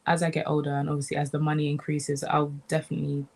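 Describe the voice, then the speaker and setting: A young woman from the UK, a comedian chatting casually in an interview, animated and relaxed, often saying "man". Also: sits low, quick pace, creaky. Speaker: comedian guest.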